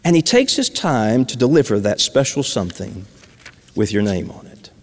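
A man preaching a sermon, telling a story and dropping to hushed tones for emphasis. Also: fairly low pitch, very animated, normal speed, big-room sound. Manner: storytelling, swings from loud emphasis to hushed near-whispers.

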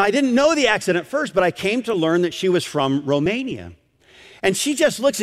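A man's voice: high-pitched, long reverb tail. A man preaching, telling a story to a crowd and acting out the quotes. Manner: animated, acts out quotes. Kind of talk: sermon storytelling.

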